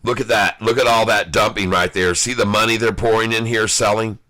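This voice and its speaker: Guy day-trading live and trash-talking the shorts, bright edgy voice, dry no-room sound. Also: fairly low pitch, fairly quick, no echo. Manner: taunting, excitable, talks to viewers as folks. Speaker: stock day-trader streaming live.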